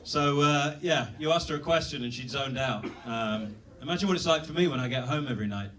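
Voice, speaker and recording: A man's voice: medium pitch, brisk, a bit bright, distant mic, slight background noise. A British man doing a self-deprecating stand-up set on a comedy club stage, rambling with fillers and restarts. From Britain.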